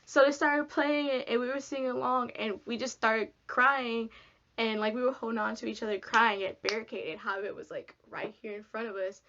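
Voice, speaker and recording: A woman's voice: on the high side, steady tone, normal speed, fairly bright tone, dull audio. Chatty young woman rambling in a storytime vlog. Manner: rambling, chatty, heavy filler words, swears casually. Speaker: vlogger. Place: home, sitting down.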